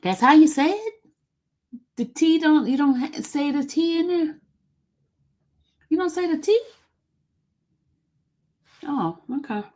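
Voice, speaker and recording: A woman's voice: high-pitched, expressive, slow, long pauses, darkish tone. A woman hosting a live stream, reading a court document aloud in an informal, chatty way and stumbling over legal words. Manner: chatty and informal between read passages. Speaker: channel host.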